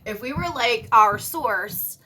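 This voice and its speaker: A woman giving a casual spiritual monologue, animated and emphatic, swearing casually. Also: a little high, takes it slowly. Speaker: spiritual vlogger.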